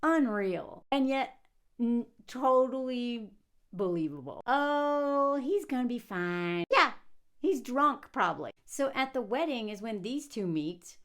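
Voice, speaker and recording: A young woman giving casual, sarcastic commentary on a film, animated and acting out quotes. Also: fairly high pitch, slow. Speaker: movie commentator.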